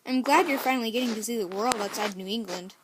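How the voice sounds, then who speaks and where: A woman voicing a cheerful, slightly scatterbrained middle-aged father in a read-aloud story, dropping her voice a little lower. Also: fast, background noise, lightly acted. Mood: happy.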